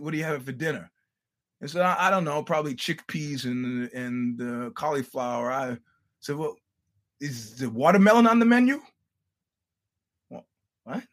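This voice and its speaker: A male podcast host who rambles through a casual monologue. His voice sits a little higher than most men's. He swears freely and slips into the voices of the people in his stories. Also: slightly rough. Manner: animated, profane, acts out quoted people.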